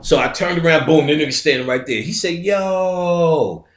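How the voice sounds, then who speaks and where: A man's voice: a little high, quick pace, a bit bright, a little hiss or hum. A middle-aged man telling a story in a casual lecture, streetwise and profane, imitating sounds as he goes. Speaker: metaphysical lecturer. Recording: roomy echo.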